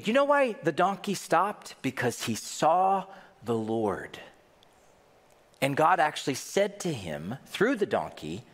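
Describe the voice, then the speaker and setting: A man's voice: on the high side, wildly swooping pitch, measured pace, in a large hall. A man preaching a sermon, asking rhetorical questions and joking with his congregation. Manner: jokes with the congregation. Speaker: pastor.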